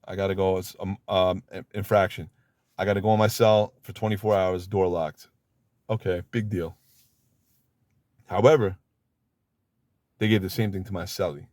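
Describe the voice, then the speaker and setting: A man's voice: low-pitched, steady tone, normal speed, long pauses, darkish tone, dry recording, clean studio sound. A man who served time giving blunt, emphatic advice about prison life in a casual monologue. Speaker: former inmate giving advice.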